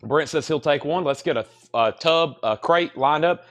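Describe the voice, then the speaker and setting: A man's voice: a little high, moderate pace, a bit bright. Chatty man hosting a livestream. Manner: rambling, self-deprecating, chatty while eating. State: coughing, throat choked. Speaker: live sale host. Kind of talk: casual livestream chat.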